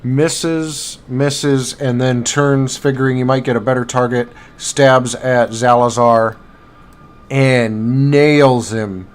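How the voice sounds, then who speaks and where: A man narrating as game master for a live tabletop game, halting and filler-heavy as he describes the action. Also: medium pitch, steady tone. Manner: halting, with many fillers and restarts. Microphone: streaming mic.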